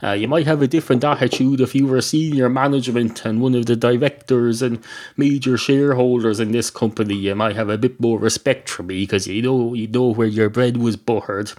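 A man's voice: mid-range voice, steady tone, a little fast, a little mellow, close to an everyday voice. A man voicing an indignant talking male cat in an improvised comic story, rambling in touchy, self-justifying complaints.

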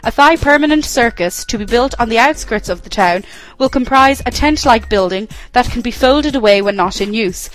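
A woman's voice: fairly high pitch, animated, moderate pace, hardly any pauses, low-quality recording. A woman reading a scripted spoof news bulletin with a straight-faced newsreader delivery.

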